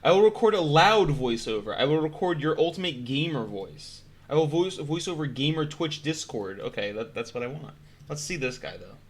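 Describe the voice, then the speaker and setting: A man's voice: a little high, animated, moderate pace. A man streaming casual reaction commentary, joking and swearing often.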